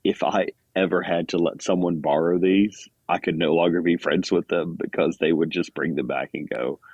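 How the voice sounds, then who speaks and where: A man's voice: low-pitched, steady tone, moderate pace, darkish tone, dry recording, lo-fi sound. A man guest on a podcast, talking casually with lots of fillers and self-deprecating asides. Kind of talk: casual chat.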